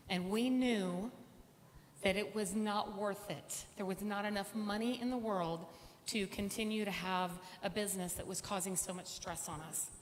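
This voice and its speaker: A middle-aged woman tells her story from a conference stage, slipping into the voices of the people she quotes. Her voice carries a long hall reverb, with a faint hum of the room behind it. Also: mid-range voice. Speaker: conference speaker. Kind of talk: personal story talk on stage.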